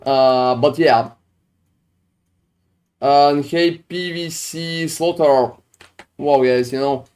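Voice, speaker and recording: A man streams a game and chats casually with viewers as he reviews their builds, swearing often and using non-native phrasing. His voice is a little high and darkish, and he speaks extremely slowly.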